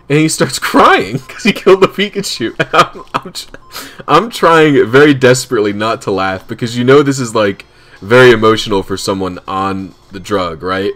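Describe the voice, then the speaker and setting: A man's voice: medium pitch, animated, normal speed, a bit bright. A man casually telling rambling, laughing anecdotes while streaming a game. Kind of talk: casual storytelling on a live stream.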